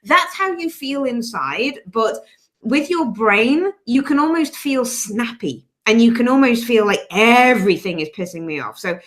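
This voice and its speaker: A woman's voice: on the high side, a little slow. A woman in her thirties hosting a casual podcast conversation, telling stories and acting out quotes. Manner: animated storyteller, acts out quotes. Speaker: podcast host.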